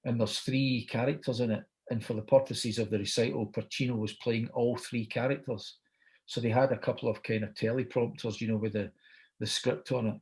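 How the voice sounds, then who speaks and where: A man's voice: mid-range voice, fairly even intonation, brisk, a little mellow. A middle-aged man with a Scottish accent, chatting and telling an anecdote, quoting people as he goes. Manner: chatty, quotes people in dialogue. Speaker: guest storyteller.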